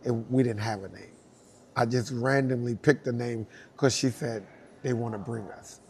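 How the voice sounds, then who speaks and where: A middle-aged man, a dancer telling a lively story and acting out the voices of the people in it. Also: mid-range voice, normal speed, gravelly. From Brooklyn, New York. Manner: acts out both sides of dialogue, laughing often. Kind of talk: animated storytelling.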